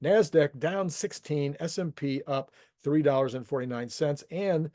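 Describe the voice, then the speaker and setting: A man's voice: fairly high pitch, measured pace, warm tone, dry recording, clean studio sound. A man hosting a solo economic commentary show, talking it through casually with frequent restarts. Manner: conversational, thinking aloud with restarts. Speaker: market commentary host.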